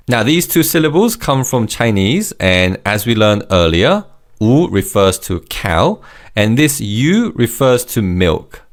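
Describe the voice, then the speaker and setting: A man teaching vocabulary in a scripted lesson, modelling words slowly and clearly for learners to repeat. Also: fairly low pitch. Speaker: language teacher.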